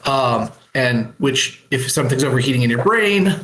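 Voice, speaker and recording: A man talking casually on a voice call, recapping his writing with many fillers and pauses. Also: mid-range voice, animated, a bit bright, roomy sound, low-quality recording. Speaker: writer sharing his work. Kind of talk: casual online chat. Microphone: computer mic on a voice call.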